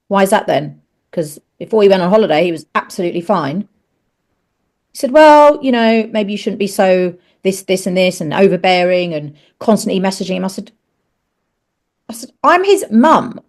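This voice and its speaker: Frank woman telling a painful story. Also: mid-range voice. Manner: animated, acts out the dialogue in raised voices; frank, swears freely. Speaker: podcast guest, actress. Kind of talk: candid personal storytelling.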